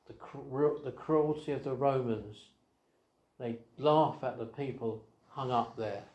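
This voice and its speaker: A man preaching an evangelistic sermon, asking rhetorical questions and swinging between quiet asides and raised emphasis. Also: medium pitch, slow, dull audio. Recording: echoey hall.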